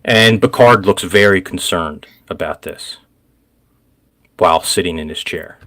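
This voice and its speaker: A man hosting a casual recap chat, rambling, laughing often and getting excited. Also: deep voice, a little slow. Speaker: podcast host.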